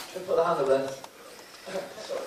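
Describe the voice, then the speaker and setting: A man's voice: on the high side, measured pace. A man hosting a live Q&A, jokey and loose, coughing now and then as he picks people out of the audience. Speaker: festival host. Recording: echoey hall from far off, crowd and hiss.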